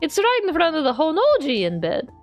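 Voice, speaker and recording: A woman's voice: high voice, wildly swooping pitch, fairly quick. A woman streamer reading game text aloud in a playful way with running jokes. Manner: playful, adds a running joke to every line.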